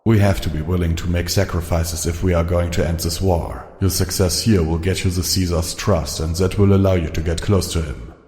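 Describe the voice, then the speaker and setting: A man voicing a stern, pragmatic male pony security officer, talking briskly and in command. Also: low-pitched, fairly even intonation, darkish tone, reverberant, long reverb tail, natural voice.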